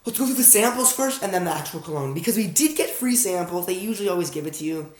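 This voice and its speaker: A man's voice: high-pitched, lively intonation, quick pace. A young American man chatting casually through an unboxing vlog, rambling and self-aware as he talks to his viewers. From United States. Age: young adult. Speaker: fragrance reviewer. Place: room at home at night. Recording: echoey room.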